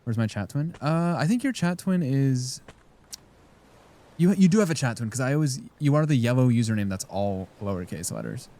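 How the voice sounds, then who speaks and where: A man's voice: medium pitch, expressive, moderate pace, warm tone. A man streaming a game, rambling and joking casually as he talks to his chat. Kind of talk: casual live-stream chat while gaming.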